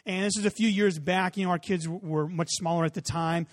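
A man in his thirties preaching a sermon as a pastor, conversational, with rising emphatic peaks and soft drop-offs. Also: high-pitched, fairly even intonation, a little fast.

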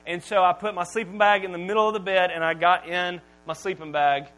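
A man preaching a sermon, swinging from hushed, slow phrases to loud bursts. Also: steady tone, soft background music, rough recording. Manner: dramatic pauses, drops to near-whisper, then booms. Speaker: pastor.

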